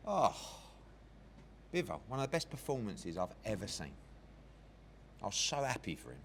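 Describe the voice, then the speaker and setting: A man's voice: on the low side, normal speed, a little hiss or hum. Fired-up, foul-mouthed boxing promoter man. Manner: animated, heavy swearing, emotional storytelling. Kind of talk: candid casual interview.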